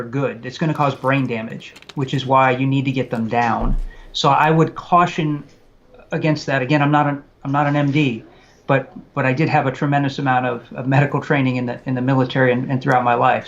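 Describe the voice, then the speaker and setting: A man who is a guest on a live online conversation, explaining things in a measured, cautious way over a video call. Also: medium pitch, dull audio.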